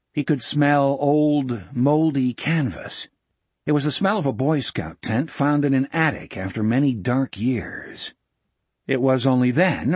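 A man reading a novel aloud as an audiobook narrator, in a measured, even manner. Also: mid-range voice, husky, no room sound. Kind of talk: scripted narration.

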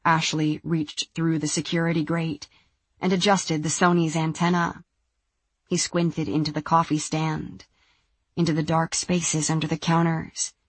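Woman narrator, audiobook, measured delivery, low-pitched, slow, husky. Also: dry recording. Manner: measured, even storytelling. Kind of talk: scripted narration.

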